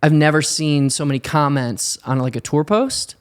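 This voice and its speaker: A man's voice: fairly high pitch, lively intonation, moderate pace, smooth. A man talking as a musician guest in a casual podcast interview, laid-back and reflective.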